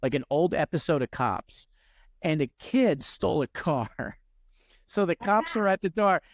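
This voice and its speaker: Guy co-hosting a podcast, animated storyteller, dry close mic. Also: fairly high pitch, no echo. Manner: animated storyteller, quick restarts. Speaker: podcast co-host. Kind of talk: casual interview chat.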